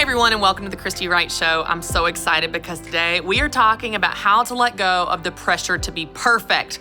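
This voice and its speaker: A woman, hosting her own show and telling stories in a lively way. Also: medium pitch. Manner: animated storytelling, acts out voices. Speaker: show host. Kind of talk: upbeat solo podcast talk.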